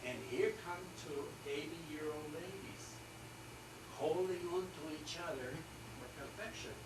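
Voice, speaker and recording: Recorded from afar in a noisy, echoey room, an older artist tells jokes and stories casually, rambling and laughing as he goes. His voice is fairly high and his pace unhurried.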